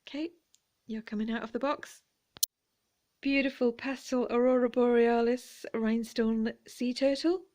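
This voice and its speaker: Woman, quiet relaxed show-and-tell vlog, soft voice that slips into whispers, slightly high. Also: unhurried. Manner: chatty, playful asides and laughter. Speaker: vintage jewellery vlogger.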